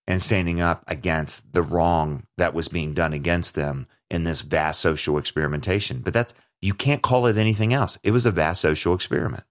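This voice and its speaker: A man hosting a talk show, speaking earnestly and emphatically in conversational commentary, often restarting his sentences. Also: low voice.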